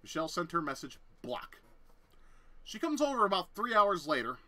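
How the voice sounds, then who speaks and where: A young man recounts his own story for a vlog in a casual, heated rant. His voice is very sharp and tense, sitting somewhat high for a man. He swears freely and speaks bluntly. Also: big pitch swings, normal speed. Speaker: vlogger telling a personal story.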